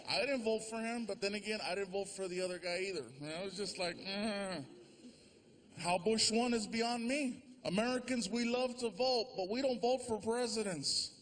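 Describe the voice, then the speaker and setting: Animated high-voiced male stand-up comic. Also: background noise. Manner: animated, switching into quick character voices. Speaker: stand-up comedian. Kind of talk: stand-up comedy. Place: large theater stage with live audience. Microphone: stage microphone.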